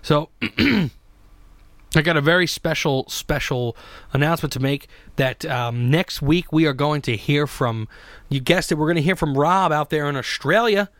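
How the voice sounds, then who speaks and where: A man's voice: a little high, normal speed, fairly bright tone, no echo. A man hosting a casual solo podcast, rambling and joking with lots of restarts. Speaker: podcast host.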